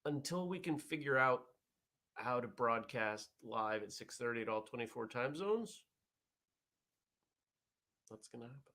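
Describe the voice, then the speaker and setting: A man hosting a casual morning vlog show, chatting in a relaxed, rambling way as he reads viewer comments. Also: medium pitch, measured pace, long pauses.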